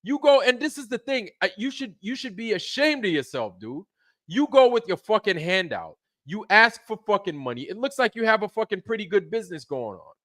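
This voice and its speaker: A man's voice: high-pitched, big pitch swings, brisk, a bit bright, dry recording. Heated, profane man ranting. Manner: heated, profane, repeats himself. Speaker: channel host. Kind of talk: angry livestream rant.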